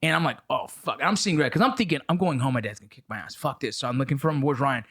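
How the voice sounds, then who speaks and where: A man in his thirties hosting a podcast, telling stories casually, animated and full of profanity. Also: medium pitch, rapid-fire, husky. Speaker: podcast host. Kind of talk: casual conversation.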